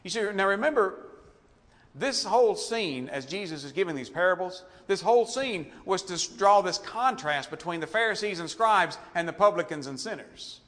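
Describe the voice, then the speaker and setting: A man preaching a sermon with passion, shifting between loud emphasis and hushed, tender passages. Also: high voice, expressive, moderate pace. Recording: long hall reverb.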